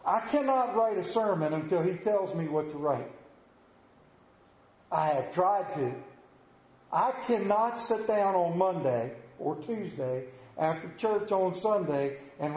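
A man's voice: sits high, darkish tone, echoey room, low-quality recording. A middle-aged man preaching a sermon, telling folksy, self-deprecating stories to his congregation in a church. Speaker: pastor. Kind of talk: sermon with storytelling.

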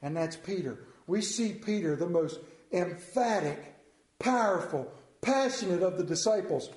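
A man's voice: sits high, moderate pace, darkish tone, reverberant, low-quality recording. A middle-aged male pastor preaching a sermon, telling stories with self-mocking humor.

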